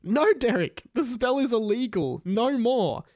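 A man's voice: extremely high pitch, lively intonation, a little slow, darkish tone, no echo, pitched above the performer's own voice. A bossy young witch, as a man puts her on in a raised, prim voice. She gives firm instructions in a strict, teacherly way. The sound is dry and close. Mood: scolding. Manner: bossy, scolding.

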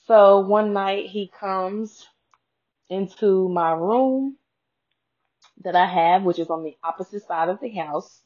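A woman host telling a personal story in a casual, frank way, swearing freely and speaking straight to her listeners. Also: low-pitched. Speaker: podcast host. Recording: dull lo-fi sound.

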